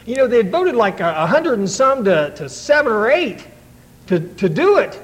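A man's voice: high voice, very animated, moderate pace, poor audio. A middle-aged man telling his own story to a recovery meeting, in an earnest, folksy way with many restarts. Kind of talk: personal testimony to an audience.

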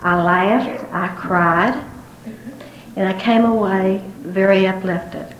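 A woman's voice: medium pitch, steady tone, takes it slowly, slight background noise. A woman from West Virginia introducing a speaker at a meeting, chatty and homespun. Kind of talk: casual introduction. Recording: echoey, dull room sound.

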